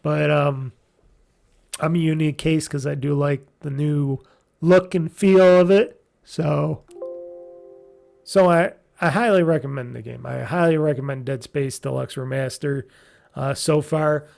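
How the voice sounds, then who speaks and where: Male podcast host, gravelly, slightly high-pitched, rambling casual game talk. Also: fairly even intonation, unhurried, darkish tone. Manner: loose and chatty, many fillers and restarts.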